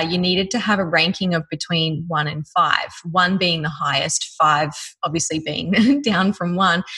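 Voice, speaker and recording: A woman in her thirties with an Australian accent, telling her personal story in a lively way and laughing often. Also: lowish voice, breathy edge, poor audio.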